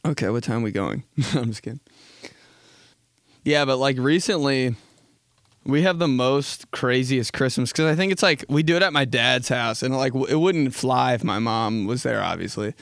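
A man's voice: lively intonation, a little slow, pauses often, fairly bright tone, dry recording, studio quality. A man in his twenties chatting casually and comedically, rambling and acting out quotes with frequent laughter. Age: 20s. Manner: rambling, laughing, acts out quotes in high voices. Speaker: podcast host.

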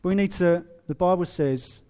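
A man preaching a sermon in a humorous, animated way, acting out quoted voices. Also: high-pitched, normal speed, smooth. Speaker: pastor.

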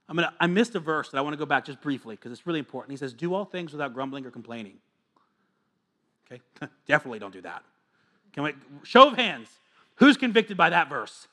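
A man preaching to a congregation with a bright, forceful tone and a fairly high voice. He is earnest and confessional, dropping into soft asides and then hammering points home with repetition. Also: expressive, quick pace. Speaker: pastor. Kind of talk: sermon.

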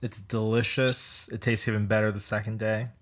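A man co-hosting a casual podcast chat, low-key with short replies. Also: level tone, normal speed, fairly bright tone. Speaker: podcast co-host.

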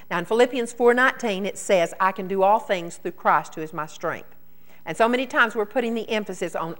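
Woman preacher, higher voice, earnest storytelling sermon. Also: fairly bright tone.

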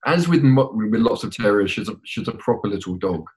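Deep-voiced man, halting casual chat. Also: expressive, a little mellow. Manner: hesitant, with many repeated words. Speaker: podcast guest.

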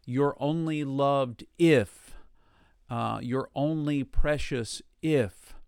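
A man leading a guided meditation, speaking slowly and gently with long pauses. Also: medium pitch, smooth, dry recording, clean studio sound.

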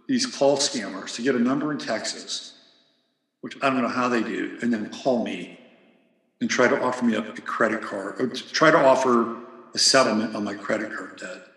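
A male podcast host rambles loosely from one tangent to the next, swearing freely as he goes. His mid-pitched voice carries a long reverb that rings around a roomy space. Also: bright, forceful tone. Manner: rambling, digressive and profane. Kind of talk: casual monologue.

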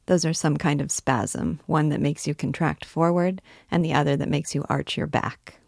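A woman teacher reading a classic novel aloud in a measured way, stopping now and then to explain words. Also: sits low, steady tone, vocal fry, a little mellow, no echo, clean studio sound. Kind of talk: book reading with commentary.

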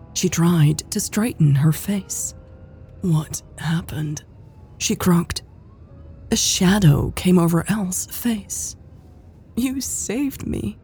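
A woman narrating a romance audiobook in a slow, measured reading. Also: on the low side, vocal fry, mellow, breathy edge. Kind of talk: scripted narration.

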